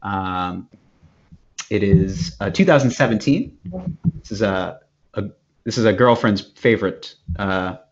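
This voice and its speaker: A man co-hosting a casual podcast, chatting loosely with lots of fillers and restarts. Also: lowish voice. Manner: rambling, halting with fillers and restarts. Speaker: podcast co-host. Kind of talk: casual banter, wine tasting chat. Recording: dull lo-fi podcast audio.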